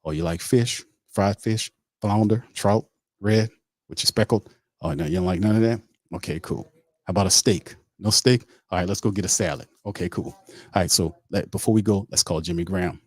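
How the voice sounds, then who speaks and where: A man's voice: fairly low pitch, animated, moderate pace, gravelly, no room sound, clean studio sound. A man doing a comic impression of a rambling, boastful male pro quarterback. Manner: rambling comic storytelling with mock dialogue.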